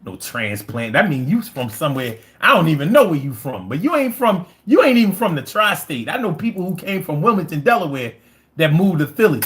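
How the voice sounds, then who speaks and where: A man in his fifties with a Philadelphia accent hosts a casual livestream, reading chat and telling stories in animated, profane slang. His voice is fairly high and fairly quick.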